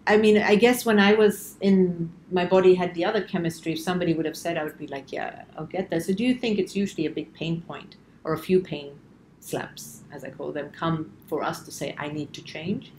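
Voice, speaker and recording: A woman host with a fairly low voice who asks probing questions. She sounds enthusiastic and keeps affirming her guest. Her voice carries a roomy echo with a faint hiss underneath. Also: fairly quick, a little mellow. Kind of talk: conversational interview.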